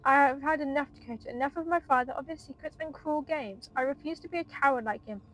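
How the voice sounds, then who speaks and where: A woman's voice: high voice, fast talker, fairly bright tone, pitched above the performer's own voice, rough recording. A woman reading out an earnest young noblewoman. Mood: resolute. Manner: reading dialogue aloud, earnest. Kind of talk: reading game dialogue aloud.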